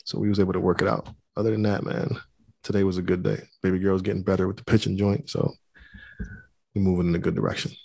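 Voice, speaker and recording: Fast-talking man telling stories. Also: sits low, creaky, slightly rough, no echo. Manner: animated storytelling, acts out quotes loudly. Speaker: podcast co-host. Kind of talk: casual chat.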